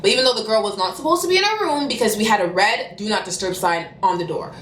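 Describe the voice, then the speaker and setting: A young woman tells a storytime vlog at a fast, animated clip. Her voice is bright and swoops widely in pitch. She is recorded in an echoey room with faint noise behind. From Canada. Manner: fast-talking and animated, bursting into loud cussing. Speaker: vlogger.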